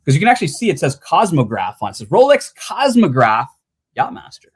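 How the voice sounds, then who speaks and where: A man's voice: fairly high pitch, huge pitch swings, fast talker, husky. A man hosting a casual livestream, chatty and swearing, with rambling asides. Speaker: livestream host.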